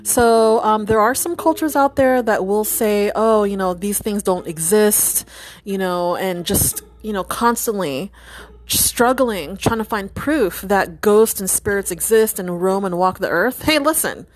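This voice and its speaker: Animated chatty woman telling a ghost story. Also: mid-range voice, a little slow. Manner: animated, chatty, many fillers and restarts, acts out quoted voices. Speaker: storyteller and psychic nurse. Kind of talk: casual storytelling to camera.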